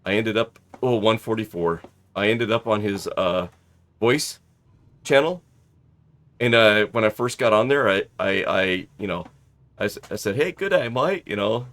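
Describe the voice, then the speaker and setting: A man's voice: fairly low pitch, a little slow, fairly bright tone. A man from Southern California chatting casually while streaming a flight simulator, making radio calls and rambling with many restarts.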